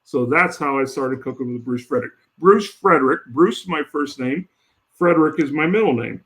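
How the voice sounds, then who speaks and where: A man who is a guest on a podcast, telling stories in a jokey, rambling, animated way. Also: fairly high pitch, normal speed. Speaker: podcast guest, home cook. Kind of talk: casual storytelling chat.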